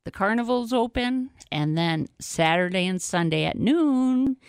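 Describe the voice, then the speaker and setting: A woman's voice: mid-range voice, expressive, a little slow, clean tone, dry recording, clean studio sound. Chipper woman guest on morning radio. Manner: chipper, upbeat. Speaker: food festival representative, radio guest. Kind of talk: promoting an event on morning radio.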